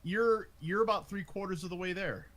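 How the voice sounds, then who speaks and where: A man's voice: sits high, moderate pace, fairly bright tone. A man narrating as game master, hesitant, with many ums and uhs.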